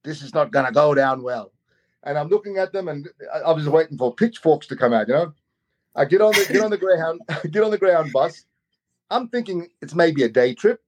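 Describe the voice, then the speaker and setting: A man from Australia tells a long personal story in an easy, conversational way. He talks in an animated manner, repeating words and restarting as he goes. His voice sits a little above the usual pitch for a man. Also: fairly quick. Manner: animated, repeats words, laughs while telling. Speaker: guest storyteller. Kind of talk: casual storytelling.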